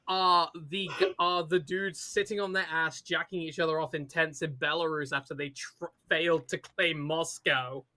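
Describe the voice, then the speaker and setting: A woman from England with a slight Birmingham tinge, hosting a podcast in blunt, profane, excitable casual chat. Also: low voice, moderate pace, few pauses. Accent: Birmingham-tinged English. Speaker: podcast host.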